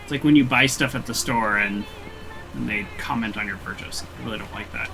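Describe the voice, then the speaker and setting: A man's voice: mid-range voice, a little fast, gravelly, sharp tone, faint music behind, rough recording. A young man streaming a video game, chatting casually and joking with mock indignation. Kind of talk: casual gameplay commentary.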